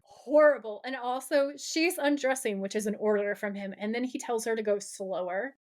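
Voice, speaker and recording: A woman with a fairly high voice co-hosts a podcast, walking through a TV episode scene by scene. She tells it dramatically and animatedly, gushing and swearing when excited. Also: moderate pace. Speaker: podcast co-host. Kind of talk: casual TV episode recap chat.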